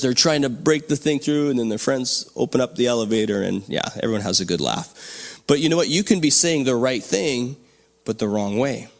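Lively man preaching a sermon. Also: medium pitch. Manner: animated, asks the congregation for responses. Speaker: pastor.

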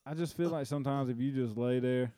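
A man's voice: medium pitch, fast talker, warm tone, no room sound, clean studio sound. A man in casual chat, rambling and joking loosely with friends.

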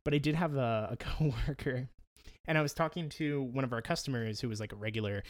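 A man's voice: mid-range voice, fairly quick, no echo. A young man co-hosting a podcast, chatting casually and telling funny stories, speaking in a raised head voice and laughing often. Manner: animated storyteller, laughs often. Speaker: podcast co-host. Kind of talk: casual chat.

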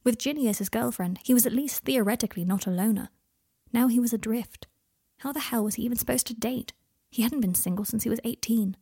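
Woman narrator, fan fiction reading, steady, husky, dark tone. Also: a little high, fairly quick.

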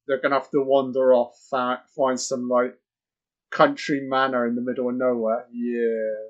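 A man giving crude, excitable, mocking live commentary on a horror film. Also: medium pitch, moderate pace. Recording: dull lo-fi audio.

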